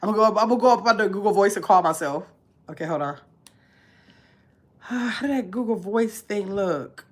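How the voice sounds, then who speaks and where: A woman hosting a casual livestream, chatting to her viewers and dropping to a low mumble while she searches her phone. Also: lively intonation, moderate pace, long pauses. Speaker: livestream host.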